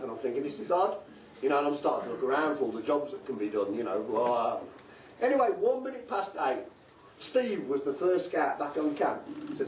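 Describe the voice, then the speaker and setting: Lively English man telling a joke on stage. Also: fairly high pitch. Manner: animated storyteller acting out the scouts' voices. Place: hall stage at a group show. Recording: roomy, distant, dull amateur video with faint hum.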